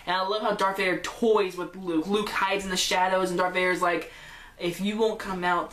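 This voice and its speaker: A woman's voice: mid-range voice, a bit bright. Woman rambling thru a movie recap, gushy, says whatever a lot, echoey room. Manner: rambling, gushing, often trails off with "whatever". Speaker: movie reviewer.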